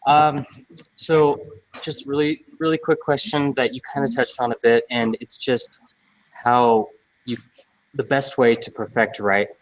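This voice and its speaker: A man's voice: medium pitch, fairly even intonation, unhurried, low-quality recording. A man from the audience asking a question hesitantly, searching for his words.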